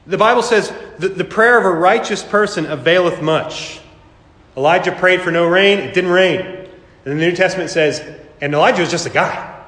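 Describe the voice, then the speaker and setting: A man's voice: sits high, moderate pace, a bit bright. A middle-aged man preaching a sermon as a pastor, with earnest emphasis that rises and falls. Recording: echoey hall, long reverb.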